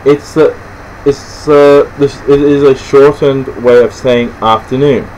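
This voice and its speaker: Here an Australian man casually explains slang straight to camera, his delivery halting and meandering, full of restarts and filler sounds. His mid-range voice is a bit mellow with fairly even intonation, captured on a low-quality recording carrying slight hiss or hum.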